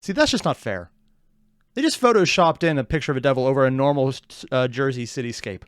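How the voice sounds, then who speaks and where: A man hosting a reaction video, chatting in an excitable, rambling way. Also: mid-range voice, quick pace, smooth, dry recording, studio quality. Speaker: reaction channel host. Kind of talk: casual reaction commentary.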